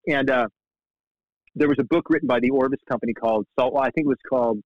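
A middle-aged man spins a casual, rambling story, jumping in pitch whenever he quotes someone. His voice sits at an ordinary middle pitch, recorded dry and close with a slightly muffled, dull tone. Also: quick pace, no room sound. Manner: animated, restarts often, quotes people in lively voices. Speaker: guest, shark fly fisherman.

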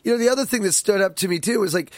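A man's voice: high-pitched, racing, no room sound. A middle-aged man co-hosting a casual review chat, making wry, sarcastic asides. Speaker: podcast co-host, parent.

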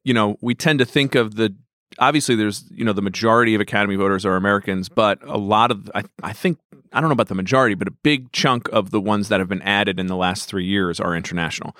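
A man's voice: fairly low pitch, quick pace, a bit bright, no room sound, clean studio sound. A man co-hosting a casual film-awards chat, thoughtful and wry, hedging with many asides. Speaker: podcast co-host.

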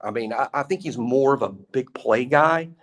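A man's voice: medium pitch, moderate pace. A man co-hosting a sports talk show, analyzing the team in an earnest, emphatic way and repeating his points. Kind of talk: casual sports radio analysis.

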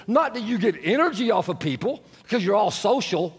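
A man preaching a sermon as pastor, animated and asking the congregation questions, sometimes rising to shouts. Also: high voice, normal speed, hardly any pauses, slightly rough. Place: church sanctuary. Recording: long church reverb.

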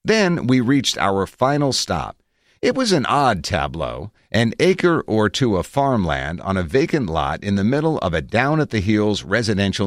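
A man narrating his own article in a reflective, measured way with wry asides, recorded on a close studio mic. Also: fairly low pitch, no room sound. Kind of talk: scripted narration.

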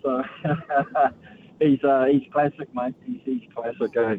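A man's voice: medium pitch, fairly even intonation, takes it slowly. A man with a New Zealand accent calling in to a radio show, telling rambling, jovial stories. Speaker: caller. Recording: tinny phone line with faint hiss.

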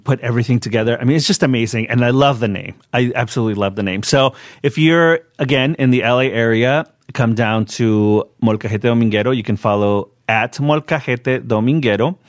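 A man's voice: medium pitch, dry recording. A young man hosting a casual radio chat, talkative and slipping Spanish words into his English, recorded in a studio. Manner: chatty, mixes in Spanish words. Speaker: radio show host.

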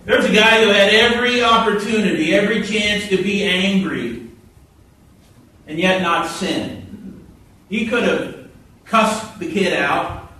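A man preaching a sermon, telling stories with animated quoted voices, heard from a distance in a church hall. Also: high voice, measured pace, pauses often, a little hiss or hum. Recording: echoey hall from far off.

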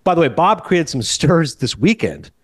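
A man's voice: fairly high pitch, sing-song, slightly rough, dry recording. A Canadian-raised man hosting a podcast, telling stories in casual movie chat. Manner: fast, chatty storytelling. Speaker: podcast host.

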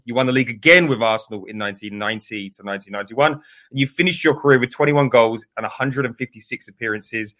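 Male podcast host, mid-pitch, bright tone, casual and halting. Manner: reads guest's career summary with frequent "uh"s.

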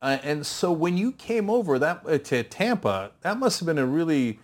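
A man's voice: a little high, sing-song, normal speed. A man hosting a casual interview, blunt and joking, who swears freely. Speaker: interview host.

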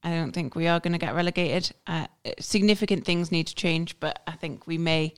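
Smooth-voiced woman hosting a football podcast. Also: fairly low pitch, fairly even intonation, fairly quick. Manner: chatty, wraps up and runs the segment. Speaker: podcast host. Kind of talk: casual football podcast chat.

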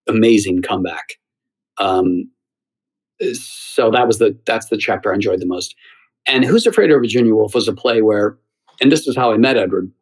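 A middle-aged man, a theater writer and former talk show host, telling a story in an interview, lively with halting restarts. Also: lowish voice, breathy edge, low-quality recording. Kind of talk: anecdotal interview answer.

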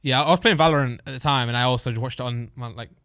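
A man's voice: mid-range voice, quick pace, fairly bright tone, clean tone, no echo, clean studio sound. A young man co-hosting a podcast, chatting casually and joking with his co-host. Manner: laughs often, playful banter. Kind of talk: casual chat.

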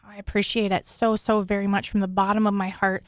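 A woman with a mid-range voice talks a little fast with little pitch movement, recorded with no room sound. She hosts a studio talk show and, as an accident survivor, chats emotionally and laughs often while thanking her rescuers in grateful, casual conversation.

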